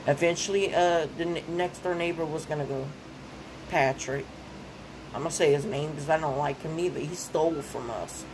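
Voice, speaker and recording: A woman's voice: low-pitched, normal speed, background noise. A young woman, venting in a casual vlog. She rants, repeats phrases and gets herself worked up. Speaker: vlogger.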